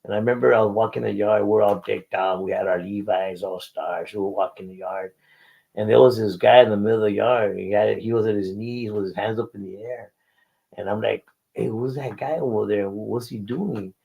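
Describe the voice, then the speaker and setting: A man's voice: on the low side, steady tone, fairly quick, creaky, warm tone, slightly rough, low-quality recording. A middle-aged man casually telling his life story in an interview, using street slang and Spanish words and often repeating himself.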